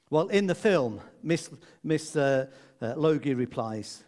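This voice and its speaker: Chatty preacher, a bit high. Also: male voice, expressive, measured pace, a little mellow. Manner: conversational, jokey, laughs often. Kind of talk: chatty Christmas sermon.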